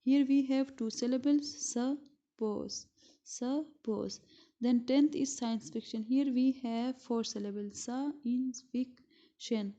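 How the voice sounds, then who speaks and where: A woman teacher from Pakistan giving a school lesson, speaking slowly and repeating words syllable by syllable. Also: a little high, mellow. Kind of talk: recorded classroom lesson. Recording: dull lo-fi recording.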